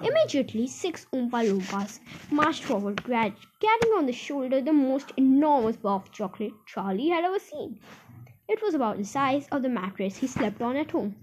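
A woman reading a children's book aloud in an expressive storytelling style. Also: high-pitched, normal speed, a little hiss or hum. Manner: expressive, animated.

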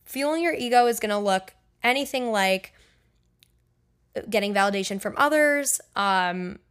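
A woman's voice: medium pitch, animated, normal speed, fairly bright tone, clear, resonant tone. A young woman hosting her own podcast, talking casually and chattily with frequent fillers. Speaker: podcast host. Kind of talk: casual solo podcast talk.

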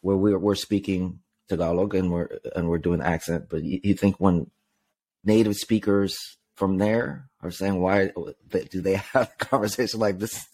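A man co-hosting a podcast, speaking in a hesitant, halting way with many fillers. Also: low-pitched, fairly even intonation, darkish tone. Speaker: podcast co-host. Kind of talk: casual podcast chat.

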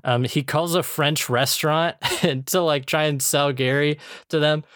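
A man's voice: a little high, steady tone, moderate pace, a bit bright, no echo, clean studio sound. A man hosting a podcast in casual chat, chatty with many fillers and frequent laughs. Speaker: podcast host reviewing episodes.

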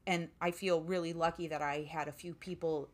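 A woman's voice: deep voice, steady tone, brisk. A woman telling a personal story in a casual interview, talking freely with many "like" fillers. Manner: chatty, lots of "like" fillers.

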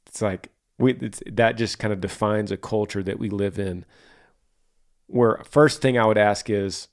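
A man's voice: lowish voice, unhurried, long pauses. A man hosting a casual advice chat, answering listener email in a blunt, folksy way. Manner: blunt, folksy, mimics voices when reading back.

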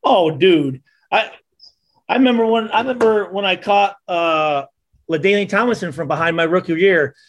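A man from Michigan, a former football player, telling stories on a casual podcast, acting out the quotes loudly and swearing freely. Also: high-pitched, moderate pace, a little hiss or hum.

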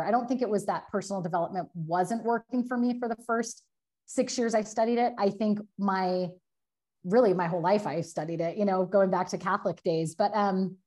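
Casting: woman, 30s, podcast guest, earnest storyteller, middle pitch, lots of "like.". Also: darkish tone. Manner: earnest, fast, many filler likes, acts out quotes. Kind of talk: candid personal story in a podcast interview.

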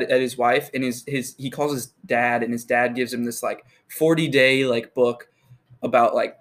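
A teenage man in casual chat, profane and animated as he retells a film. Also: medium pitch.

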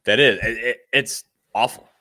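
A man co-hosting a talk show who chats about politics with animated sarcasm. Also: mid-range voice, moderate pace, slight background noise. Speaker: podcast co-host. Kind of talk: casual political chat.

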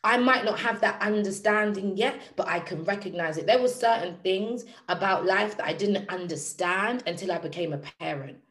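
A woman life coach giving a motivational talk to a live audience, animated and emphatic, with many rhetorical questions. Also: medium pitch, moderate pace, few pauses, reverberant.

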